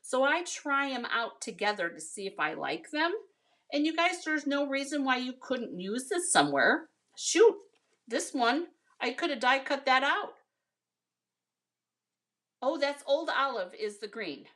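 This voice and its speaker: A woman's voice: high-pitched, sing-song, unhurried, a bit bright. An American woman chatting casually with viewers as she demonstrates a card-making project, calling them "you guys" and "honey.". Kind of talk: casual craft tutorial.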